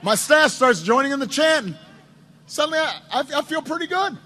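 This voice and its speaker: A man's voice: very high voice, expressive, normal speed, pushed and bright. A man giving a campaign speech to supporters, telling a long story with wry asides and frequent self-repeats. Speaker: politician addressing supporters. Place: indoors at a campaign office.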